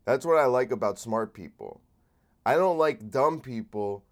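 A man's voice: medium pitch, expressive, measured pace. A man hosting a solo comedy podcast while sick, rambling and swearing in a sardonic rant. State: sick with a cold. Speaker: podcast host.

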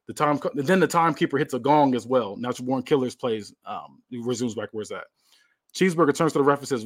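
A man's voice: medium pitch, quick pace, dry recording. Man narrating casually with a dry sound. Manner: casual, laughing, filler-heavy. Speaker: podcast host. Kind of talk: casual storytelling of fantasy wrestling booking.

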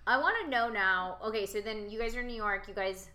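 Bright woman hosting an interview. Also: medium pitch, a little fast. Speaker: podcast host. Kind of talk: casual interview.

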